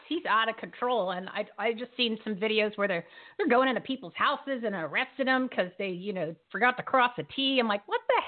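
Energetic woman host on a tinny line. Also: on the high side. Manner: energetic, emphatic, rallying the audience. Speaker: live show host. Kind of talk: casual live show talk.

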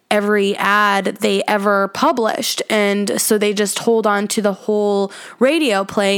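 Smooth-voiced woman hosting a podcast. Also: medium pitch. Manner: chatty and upbeat, with frequent fillers. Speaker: podcast host. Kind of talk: casual podcast introduction.

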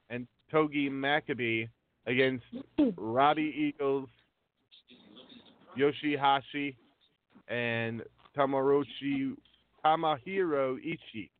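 A wrestling news podcast host chats casually in a mid-range voice, with slight background noise. Reading long lists of names at an unhurried pace, he says um often. The recording has a tinny phone-line quality.

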